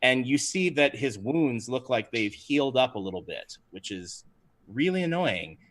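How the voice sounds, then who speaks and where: A man running a tabletop game livestream as game master, narrating in an animated, chatty way. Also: mid-range voice, moderate pace.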